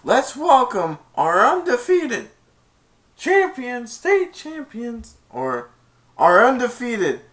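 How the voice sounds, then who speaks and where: Young man putting on a booming stadium announcer. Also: huge pitch swings, heavily acted. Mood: hyped. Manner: loud, drawn-out calling.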